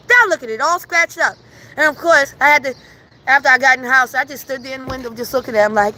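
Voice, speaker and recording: A woman on a live stream, telling a story with emphatic, animated delivery and frequent laughter. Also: high-pitched, a little fast, slight background noise. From New York. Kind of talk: casual storytelling on a livestream. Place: at home.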